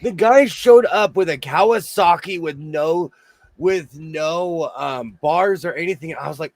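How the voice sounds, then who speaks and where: Man, hoarse voice, loud and animated, somewhat high pitch, dry sound. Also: a little slow, dry recording. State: hoarse, losing his voice. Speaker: host. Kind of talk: casual chat. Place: home sewing room.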